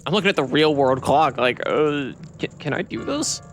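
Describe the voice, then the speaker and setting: A man's voice: fairly high pitch, animated, normal speed, slight background noise. A man streaming a video game in casual chat, swearing freely and rambling with restarts, tired from poor sleep.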